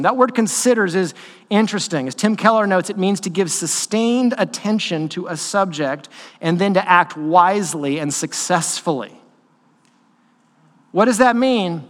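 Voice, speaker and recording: A man preaching a sermon as pastor, talking in a conversational, animated way with quick asides to the congregation. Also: high-pitched. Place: church sanctuary. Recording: long hall reverb in a church.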